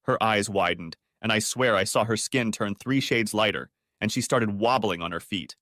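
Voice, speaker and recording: A man narrating a first-person drama story for an audiobook in a dramatic, expressive way. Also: lowish voice, moderate pace, no echo, studio quality.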